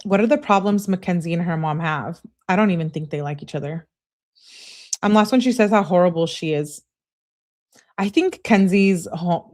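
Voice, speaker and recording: A woman's voice: lowish voice, a little mellow. A woman hosting a live stream, reading text messages aloud with speaker tags and breaking off to comment and greet viewers. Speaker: true-crime channel host.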